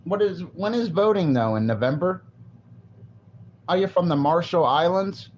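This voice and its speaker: A man's voice: sits high, expressive, normal speed, a little hiss or hum. Rambling male livestreamer, lo-fi sound. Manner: rambling, loose, restarts and reads chat aloud. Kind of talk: casual live-stream chat with viewers.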